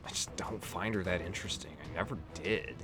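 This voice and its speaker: Let's play host, male, lowish voice, offhand and rambling, game music underneath. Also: brisk, vocal fry. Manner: rambling, offhand, swears casually. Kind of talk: casual gameplay commentary.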